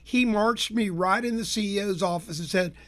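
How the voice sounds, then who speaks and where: A man from Florida with a fairly high voice rants about sales to his listeners, folksy and energetic. He tells stories as a consultant would, bringing the people in them to life as he goes. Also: moderate pace. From Tampa area, Florida. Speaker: business consultant and show host. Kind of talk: storytelling rant to listeners.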